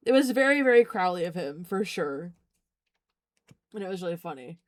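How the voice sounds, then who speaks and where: A woman's voice: mid-range voice, lively intonation, moderate pace, dry recording, clean studio sound. A young adult woman streamer chatting casually, rambling, giggling often, and repeating herself. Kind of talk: casual chat.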